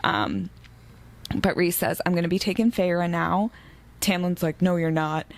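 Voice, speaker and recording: A woman's voice: lowish voice, steady tone, measured pace. A young woman co-hosting a book podcast, casually retelling a story and acting out the characters' lines. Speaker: podcast co-host. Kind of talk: casual book-club chat.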